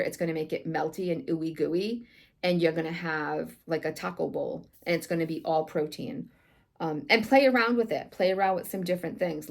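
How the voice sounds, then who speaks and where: Woman, middle-aged, lowish voice, casual chatty vlog talk, lots of fillers, upbeat. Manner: chatty, lots of ums and likes, enthusiastic. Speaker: weight loss vlogger. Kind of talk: casual chat about recipes.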